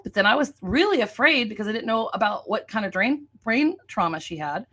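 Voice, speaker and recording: A woman, casually telling a story while showing photos, animated and chatty, laughing often. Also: medium pitch, fairly quick, hardly any pauses, slightly rough.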